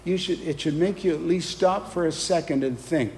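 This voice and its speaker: A male pastor preaching with fervor and rising intensity, his voice sitting a little higher than most men's. The sermon rings out through a hall with a long, lingering reverb, with a faint hiss of background noise underneath. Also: moderate pace. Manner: impassioned, rising to forceful emphasis, call-and-response.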